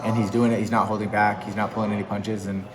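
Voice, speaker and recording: A man's voice: lowish voice, level tone, fast talker, crowd noise, low-quality recording. A man who coaches MMA, talking casually and upbeat in an interview, with lots of fillers. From New England.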